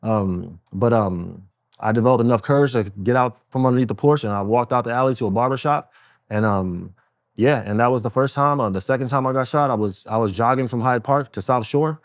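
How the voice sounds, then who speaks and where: A man's voice: mid-range voice, brisk, no echo, studio quality. A man hosting a casual conversation, telling a personal story with lots of fillers and acting out other people's voices. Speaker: host.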